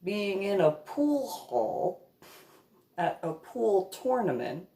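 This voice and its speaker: A woman tells a comedic anecdote with sarcastic, mock-patient delivery and frequent giggles. Her pitch swoops widely and she takes her time between phrases. The sound is roomy and echoey. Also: expressive, slow pace, gravelly, warm tone. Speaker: comedic storyteller.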